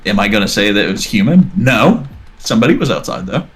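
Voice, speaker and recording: A man's voice: fairly low pitch, big pitch swings, fast talker, fairly bright tone. A man telling a long, rambling story in casual podcast chat, acting out the dialogue as he goes. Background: faint background music.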